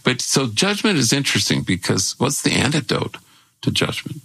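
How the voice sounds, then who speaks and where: An older man with a gravelly, husky voice, telling stories in casual conversation as a guest and lifting his voice when he quotes people. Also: mid-range voice, moderate pace, no echo. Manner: animated when acting out quotes. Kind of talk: conversational storytelling.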